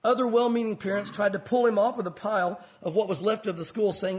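A man preaching as a pastor, telling a story dramatically, then pleading softly with the congregation. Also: sits high, steady tone, fast, few pauses. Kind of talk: sermon. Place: church.

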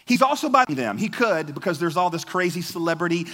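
High-voiced man preaching in a reverberant hall. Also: brisk. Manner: conversational, animated preaching with repeated words. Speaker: pastor. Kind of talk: sermon.

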